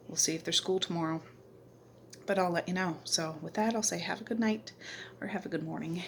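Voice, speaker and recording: Rambling low-voiced woman vlogger. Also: fairly quick, slight background noise. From Canada. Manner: chatty, rambling, warm sign-off with repeated fillers. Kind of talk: casual chat. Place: outdoors in cold snowy weather, then at home.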